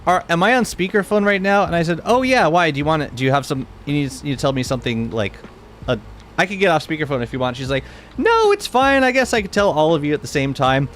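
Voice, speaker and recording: A man in his thirties streaming a game, chatting casually and excitably with many restarts. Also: on the high side, fast, slight background noise. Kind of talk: casual live-stream chat.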